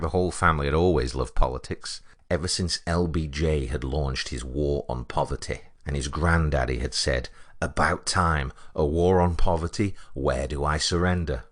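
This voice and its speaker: A man with a British accent narrating a comic story in a deadpan, wry way. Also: rumbling low, no echo, clean studio sound.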